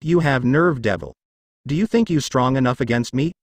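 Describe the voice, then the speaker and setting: A man's voice: medium pitch, lively intonation, moderate pace, no room sound, close to an everyday voice. A man reading aloud as a proud, harsh female dragon in a fan story. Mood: menacing.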